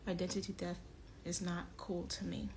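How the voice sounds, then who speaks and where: A young woman talks into her phone on a livestream in a low, level voice that stays flat. She is earnest and pointed, confronting someone directly before softening into pleading. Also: normal speed, slight background noise. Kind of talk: emotional livestream monologue.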